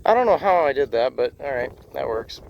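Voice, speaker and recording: A man's voice: medium pitch, very animated, fairly quick, gravelly, lo-fi sound, background noise. A man out of breath, talking casually to his viewers as he starts a farm workday, self-mocking and rambling. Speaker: farmer vlogger. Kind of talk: casual vlog narration while working. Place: outdoors on a farm, in and around a tractor.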